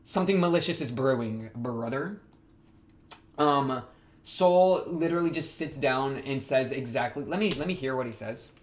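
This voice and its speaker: A young man hosting an anime reaction, talking casually in a rambling, slangy way with excitable outbursts. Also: medium pitch, normal speed.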